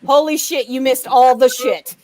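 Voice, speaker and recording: A woman hosting a live comedy game show over a video call, riffing fast and swearing freely. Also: sits high, steady tone, crowd noise.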